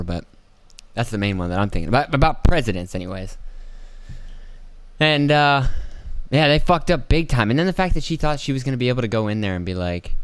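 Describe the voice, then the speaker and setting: A middle-aged man with a smooth, mid-range voice hosts a podcast, recorded dry. He goes on a rambling political rant, profane and sarcastic, mocking people by putting on voices.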